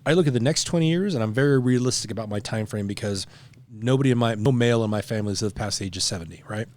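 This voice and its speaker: A man's voice: on the low side, racing, a little mellow. A middle-aged man, a podcast guest, talking in a blunt, profane, emphatic way in casual conversation.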